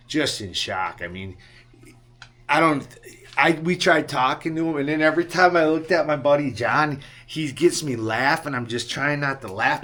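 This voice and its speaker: A man's voice: medium pitch, pushed and bright. A man telling a story in a casual, rambling way, swearing often and checking in with the listener, sheepish and rueful. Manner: rambling, swears often, keeps asking "right?".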